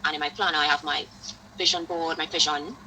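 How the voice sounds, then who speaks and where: A woman hosting a relaxed interview chat in a very bright, sharp voice, pitched a little low. She tells her stories with lively energy and leans on "like" as a filler throughout. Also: brisk, a little hiss or hum, poor audio. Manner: lively storytelling with frequent "like" fillers. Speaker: podcast host.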